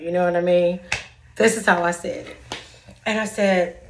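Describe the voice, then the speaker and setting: A woman's voice: on the low side, steady tone, normal speed, a little hiss or hum. Dramatic woman telling a story. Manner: dramatic, acts out both sides of a conversation. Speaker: vlogger giving dating advice. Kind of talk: casual storytelling to viewers.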